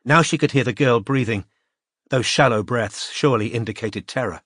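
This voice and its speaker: A man reading a detective novel aloud as audiobook narrator, in a measured storytelling manner. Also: medium pitch, a bit bright, no room sound, studio quality. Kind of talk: scripted narration.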